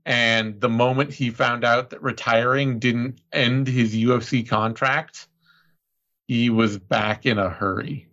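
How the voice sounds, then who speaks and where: This co-host has a mid-range, fairly bright voice with fairly even intonation and a slightly slow pace. He chats casually about fights on the podcast and runs the betting odds, recorded in slightly dull lo-fi sound.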